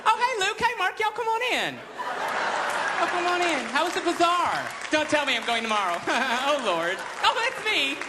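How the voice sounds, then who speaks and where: A man's voice: very high-pitched, big pitch swings, unhurried, hardly any pauses, reverberant, pitched above the performer's own voice, exaggerated voice. A man voicing a fussy, effeminate Southern man as Jesus, drawling and fretful, with gossipy chatter. Recorded live on stage. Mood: giddy fretting. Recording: live stage with noisy crowd.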